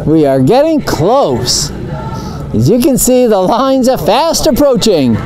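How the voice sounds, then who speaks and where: A man commentating live on an outdoor event, explaining each step in an unhurried way. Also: high-pitched, sing-song, over music, rough recording. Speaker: video narrator and commentator.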